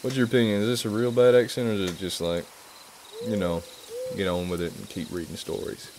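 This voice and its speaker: A man's voice: fairly low pitch, little pitch movement, fairly quick, background noise, voice pushed down, close to an everyday voice. A man putting on a put-on American Southern good-old-boy voice while chatting playfully with viewers on a live stream. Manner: playful, self-mocking, chatty. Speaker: livestream host. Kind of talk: casual live-stream chat.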